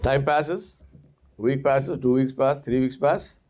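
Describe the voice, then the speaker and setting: A man preaching, telling a story with lively delivery and putting on voices for the characters. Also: mid-range voice, takes it slowly. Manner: animated storyteller who acts out voices. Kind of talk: sermon storytelling.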